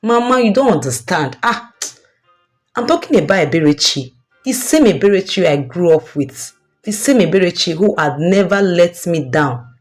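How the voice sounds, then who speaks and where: A woman's voice: on the low side, expressive, normal speed, faint music behind. A woman voicing a cheerful, trusting young woman who adores her best friend. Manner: bright, gushing and trusting.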